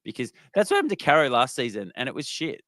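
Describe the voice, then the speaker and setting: Dry, bright man guest. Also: mid-range voice, wildly swooping pitch, fast, no room sound. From Australia. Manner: candid, explains strategy plainly. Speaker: guest, former contestant. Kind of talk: casual analysis chat.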